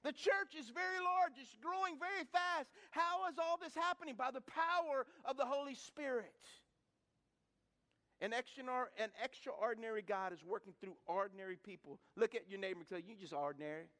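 A man's voice: very high-pitched, moderate pace, bright, forceful tone. A middle-aged man, preaching a folksy, emphatic sermon. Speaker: pastor.

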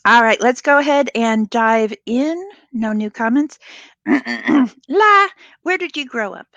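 A woman's voice: a little high, animated, slow pace, creaky, a bit bright, dry recording, muffled recording. A woman hosting a casual online interview show, chatty and upbeat, on a video call from home. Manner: chatty, upbeat, laughs easily. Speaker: host. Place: home, filmed live online.

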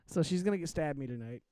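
A young man co-hosting a podcast, telling stories in a casual, animated way and acting out the people he quotes. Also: high voice, dry recording. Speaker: podcast co-host. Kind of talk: casual chat.

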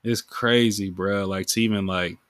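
A man's voice: fairly low pitch, steady tone, normal speed, fairly bright tone, no echo. A man hosting his own podcast, talking in a rambling, emotional way about his music, with many fillers. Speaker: podcast host and music artist. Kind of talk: casual reflective monologue.

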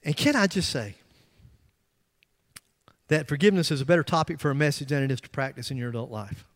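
A middle-aged man preaching a sermon in a church, telling a story with animated emphasis and frequent restarts. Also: fairly high pitch, brisk. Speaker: pastor. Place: church sanctuary. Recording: long reverb of a large hall.

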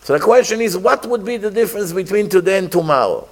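In a religious class, a man teaches Torah, throwing rhetorical questions at his listeners and sprinkling Hebrew terms into his English. He talks fast, with a high voice and lively intonation.

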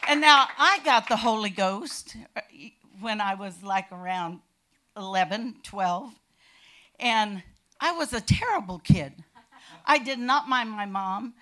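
Bright-voiced older woman giving testimony. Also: medium pitch, slow pace. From California. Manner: animated storytelling, bursts into shouting. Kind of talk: personal testimony.

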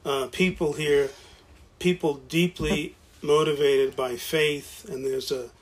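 A man's voice: on the high side, steady tone, slow pace. A man talking casually about founding a college, stopping and restarting often, repeating words as he goes. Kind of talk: casual conversation.

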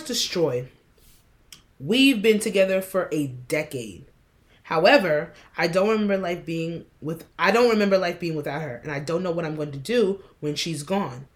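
A young woman co-hosting a casual podcast, blunt and opinionated, reading posts aloud. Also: on the low side. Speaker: podcast co-host. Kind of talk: casual chat.

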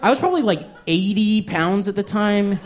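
Animated man telling a stand-up story. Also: moderate pace. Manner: animated, self-deprecating, jumps into high-pitched acted-out quotes. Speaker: stand-up comedian. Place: comedy stage before a live audience.

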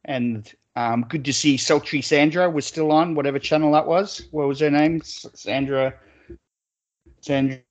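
A man's voice: a little high, steady tone, moderate pace, dull audio. An Australian man co-hosting a podcast, rambling through stories with lots of swearing and laughter. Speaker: podcast co-host. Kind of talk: casual chat.

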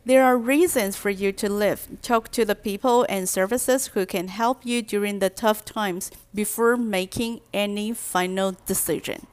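A woman teaching vocabulary through a storybook, reading each line slowly and then translating and explaining it. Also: medium pitch, steady tone, clear, resonant tone. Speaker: English teacher. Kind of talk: bilingual storybook lesson.

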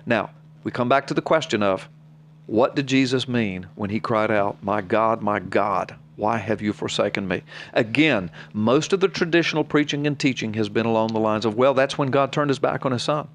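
A man's voice: on the low side, moderate pace, a little hiss or hum. A man, a preacher on a podcast, reading scripture aloud and explaining it plainly to his co-host in an earnest, personal way. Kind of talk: podcast Bible teaching.

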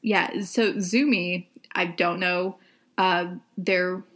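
A woman's voice: lowish voice, fairly even intonation, drawn-out words, a bit bright. A young adult woman co-hosting a podcast, chatting casually with many "like" and "um" fillers. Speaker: podcast co-host.

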